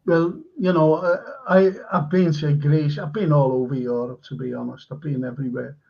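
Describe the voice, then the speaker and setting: Gravelly man rambling through a chat. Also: fairly high pitch, steady tone, moderate pace, lo-fi sound. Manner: rambling, enthusiastic storytelling with many fillers. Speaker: host. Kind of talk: casual chat on a live stream.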